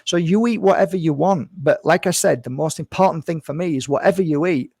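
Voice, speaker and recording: Earnest, rambling man with a higher voice. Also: a little fast, a little mellow, no room sound, clean studio sound. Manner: earnest and rambling, repeats phrases, addresses viewers as guys. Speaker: spiritual healer and vlogger. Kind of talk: casual talk to camera.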